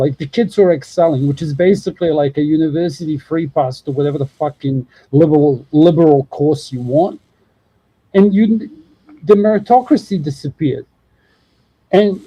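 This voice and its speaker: A man's voice: fairly high pitch, dark tone, breathy edge, no room sound, lo-fi sound. A man with a New Zealand accent, talking casually and rambling with lots of swearing and fillers as a podcast host. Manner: rambling, profane, fast talk with many fillers. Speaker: show host.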